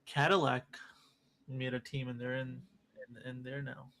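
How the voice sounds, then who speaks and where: A man's voice: medium pitch, level tone, normal speed, bright, forceful tone. A man co-hosting a live trading stream, chatting in a jokey way and cheering the market on as trades play out. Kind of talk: casual chat and live trade commentary.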